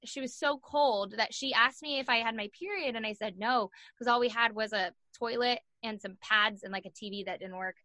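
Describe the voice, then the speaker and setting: A young woman tells a story in an animated, chatty way, full of "like" and acted-out quotes. Her voice is bright and fairly high. The recording is dry and close. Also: brisk, hardly any pauses, no room sound. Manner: animated, acts out quoted voices, many "like" fillers. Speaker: guest. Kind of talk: casual storytelling in an interview.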